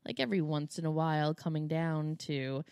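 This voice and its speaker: Deep-voiced woman chatting casually. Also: smooth, no room sound, studio quality. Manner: relaxed conversational, quick supportive backchannels. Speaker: podcast co-host and mother. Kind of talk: casual chat.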